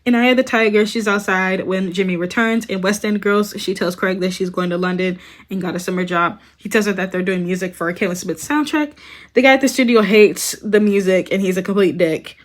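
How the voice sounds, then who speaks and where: A woman's voice: medium pitch, a little fast. A young woman casually recapping a TV series, talking loosely with lots of fillers and laughing as she mock-quotes the characters. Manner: chatty, frequent "like" and "um", bursts of laughter, mock-quoting characters. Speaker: commentary video host.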